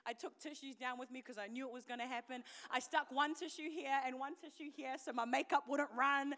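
A woman preacher giving a candid personal testimony, swinging between loud emphatic declarations and hushed, whispered lines. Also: sits high, fairly even intonation, moderate pace, hardly any pauses. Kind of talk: sermon.

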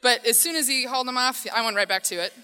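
Bright-voiced woman telling a story on stage. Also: fairly high pitch, fast talker, smooth. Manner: animated, self-mocking, acts out quotes. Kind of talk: live personal storytelling. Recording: hall reverb.

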